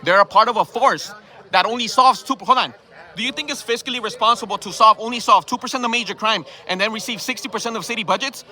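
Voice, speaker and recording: A man's voice: sits high, fast talker, bright, forceful tone, a faint crowd. A man confronting people in a heated outdoor argument, firing repeated questions and swearing, filmed on his own phone camera. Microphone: phone camera held by the speaker.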